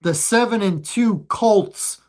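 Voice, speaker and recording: A man hosting a casual football picks show, reading out lines and odds deliberately. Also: high-pitched, a little mellow. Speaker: show host. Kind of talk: casual sports picks chat.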